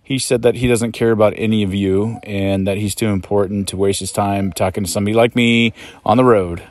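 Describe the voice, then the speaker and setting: A man's voice: lowish voice, fairly even intonation, brisk, a little mellow, no room sound. A man hosting a casual podcast from a campsite, rambling and joking about life on the road. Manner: joking, self-mocking, scolds his dog. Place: outdoors at a campsite in a state park.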